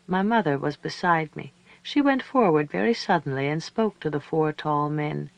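A man narrating a story aloud in a calm, measured, reflective way. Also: on the high side, gravelly, no echo, highs cut off. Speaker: audiobook narrator. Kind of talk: scripted narration.

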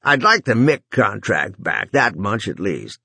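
Man voicing a gruff tired boss, curt, biting, husky, dry. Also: fairly low pitch, big pitch swings, unhurried, bright, forceful tone, no echo, exaggerated voice. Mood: irritated. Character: tired, gruff middle-aged male company boss.

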